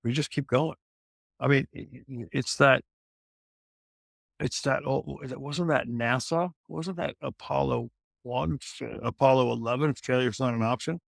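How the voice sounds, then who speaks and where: A man's voice: mid-range voice, moderate pace, gravelly, dry recording, clean studio sound. A middle-aged man, a fitness trainer, telling stories in an interview with lots of restarts and repeated phrases. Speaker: celebrity fitness trainer, guest. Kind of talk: candid interview conversation.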